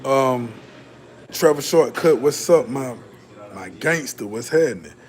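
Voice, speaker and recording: With lively intonation and a measured pace, a Southern American man hosting a casual stream reads viewer messages aloud. He's loose and laid-back, curses often, and tends to repeat and restart. His voice sits at medium pitch.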